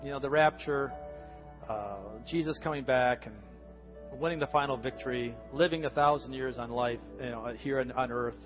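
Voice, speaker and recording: A man preaching a conversational sermon as pastor, his voice swinging from loud emphasis down to hushed lines. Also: mid-range voice, fairly even intonation, normal speed. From United States. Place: church sanctuary. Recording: lo-fi church recording with long reverb and faint music.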